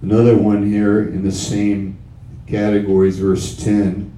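Male preacher, sermon delivery, unhurried and emphatic; echoey room, mic at a distance. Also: lowish voice, level tone, mellow. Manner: slow, emphatic, with repeated phrases. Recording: roomy sound from off-mic.

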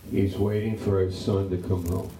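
A man's voice: low-pitched, little pitch movement, normal speed, background noise. A man preaching in a conversational Bible-teaching style, telling the story with animation and acting out the characters' dialogue. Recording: roomy, from a distance.

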